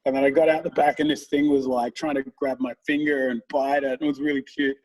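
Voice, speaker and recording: A man's voice: medium pitch, flat delivery, brisk, recorded from a distance, low-quality recording. A man in his thirties, co-hosting a podcast, who rambles through casual stories and swears freely. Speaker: podcast co-host. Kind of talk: casual chat.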